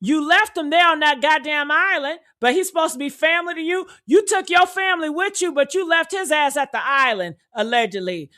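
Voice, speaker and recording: A woman's voice: high-pitched, animated, a little fast, hardly any pauses, bright, forceful tone. A woman giving reaction commentary in an emphatic, repetitive way, calling listeners honey and baby. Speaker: commentary creator.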